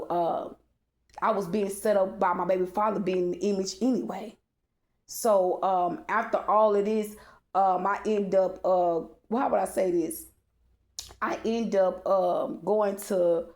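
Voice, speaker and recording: A woman talks through a personal story in a loose, rambling way. She fills pauses with "um," turns to address her listeners, and curses without holding back. Her voice sits at an ordinary pitch for a woman. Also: darkish tone. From Texas. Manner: rambling, many fillers, addresses the audience directly, profane. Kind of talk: casual storytime monologue.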